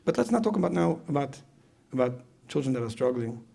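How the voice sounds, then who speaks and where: Gravelly fast-talking male lecturer. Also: mid-range voice, sing-song, dark tone. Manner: repeats phrases, asks the audience questions. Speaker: speaker at a parenting retreat. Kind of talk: conversational lecture.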